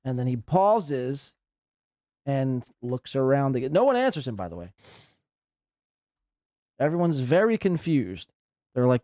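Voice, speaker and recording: A man's voice: mid-range voice, sing-song, a little slow, pauses often, dark tone, no room sound, studio quality. A man hosting a live podcast, giving crude, sarcastic commentary as he reacts to clips.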